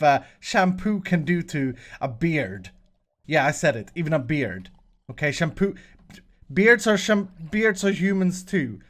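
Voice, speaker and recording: Lively Swedish man playing Minecraft. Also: high voice. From Sweden. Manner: playful, jokey, frequent self-corrections and restarts. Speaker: host, Minecraft player. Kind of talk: casual gameplay commentary.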